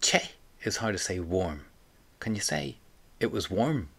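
Slow, low-voiced language teacher. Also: male voice, very animated, creaky, fairly bright tone, breathy edge. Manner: patient, slow drilling with pauses for repetition. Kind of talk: spoken language lesson. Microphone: close mic, home recording.

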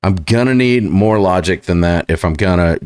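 A man hosting reaction commentary, sarcastic and halting, full of fillers and restarts. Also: deep voice, a little mellow, smooth. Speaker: commentary host.

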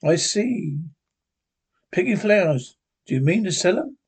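Man voicing a grave wandering man, dry, mocking, husky. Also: high-pitched, lively intonation, unhurried, pitched above the performer's own voice, full character voice.

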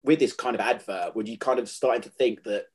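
A man's voice: mid-range voice, fairly quick, a little mellow, breathy edge. A man hosting an interview, asking long, friendly, rambling questions. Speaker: interviewer, host. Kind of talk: conversational interview.

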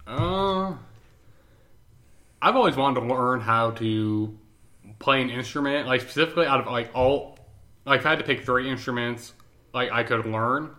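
A young man on a casual podcast who jokes dryly at his own expense. His voice has a bright, sharp edge. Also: mid-range voice, moderate pace, long pauses. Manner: self-deprecating, dry humor. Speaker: podcast co-host.

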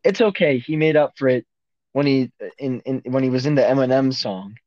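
Young guy cohosting a goofy podcast, deadpan jokes, dry kinda dull mic. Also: mid-range voice, a little fast, no echo. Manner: jokey, deadpan mock-gloomy. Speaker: podcast co-host. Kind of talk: casual joking podcast chat.

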